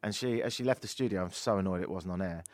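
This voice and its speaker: A man's voice: deep voice, quick pace, no room sound. A man in his thirties hosting a casual radio chat in a studio, joking and telling wry stories. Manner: joking, wry, animated storyteller. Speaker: radio show host. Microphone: studio microphone.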